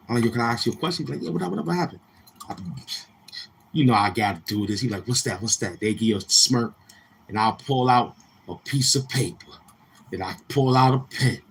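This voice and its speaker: A Brooklyn, New York man hosts a livestream, rambling through loose, repetitive stories in street talk and acting out other people's lines. His voice is medium-pitched, with slight background noise.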